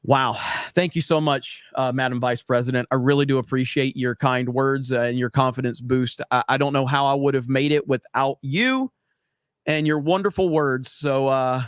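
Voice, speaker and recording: A man's voice: mid-range voice, fairly even intonation, normal speed, smooth, no echo. A young man hosting a casual livestream, sarcastic and rambling with lots of fillers, talking close to a desk microphone. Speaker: livestream host.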